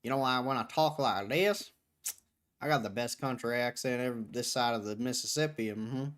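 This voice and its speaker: A man putting on a boastful young country boy with a Southern US twang and a drawn-out drawl. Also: medium pitch, fairly bright tone, lightly acted. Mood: bragging. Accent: put-on Southern US twang.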